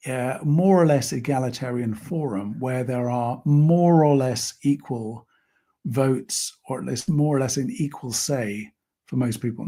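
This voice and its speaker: A man hosting a live-stream discussion, speaking in a measured, thoughtful way and reading out viewer comments. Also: medium pitch, warm tone. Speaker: host.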